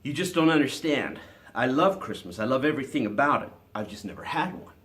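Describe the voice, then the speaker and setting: A man reading aloud and voicing an earnest, gently teasing young man in a storybook. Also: medium pitch, animated, brisk, voice pushed up, close to an everyday voice.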